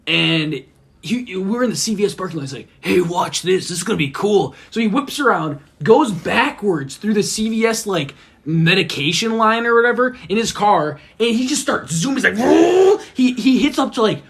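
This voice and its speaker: Animated gravelly young man telling a story. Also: high voice, normal speed. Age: young adult. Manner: animated storyteller, swears a lot, acts out voices. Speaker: podcast guest. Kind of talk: casual chat.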